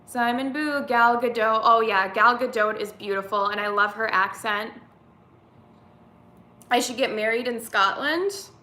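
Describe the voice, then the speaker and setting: A woman's voice: on the high side, measured pace, bright, forceful tone, reverberant. A woman in her thirties hosting a casual live-stream chat, reading viewer comments aloud and answering them. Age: 30s.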